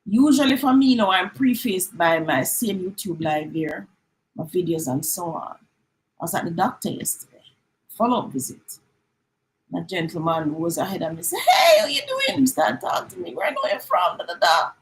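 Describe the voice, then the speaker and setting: A middle-aged woman with a Jamaican accent talks casually on a live stream. She acts out quick exchanges and drifts between standard English and patois. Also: fairly low pitch, slight background noise, low-quality recording. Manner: chatty, mixes in patois, acts out little dialogues.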